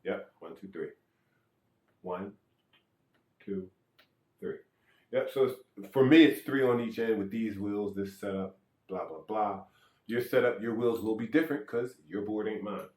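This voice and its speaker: A man with a fairly low voice talks through a hands-on skateboard check in a loose, joking way, counting under his breath and fixing his own slips. The room around him rings with echo. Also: measured pace, pauses often, darkish tone. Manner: rambling, self-correcting, joking asides. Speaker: electric skateboard vlogger. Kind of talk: casual how-to demonstration.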